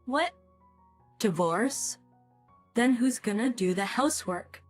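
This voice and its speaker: A woman's voice: on the high side, expressive, slow, faint music behind. A woman voicing a bossy young daughter-in-law who mocks and makes demands. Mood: tense. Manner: mocking, demanding.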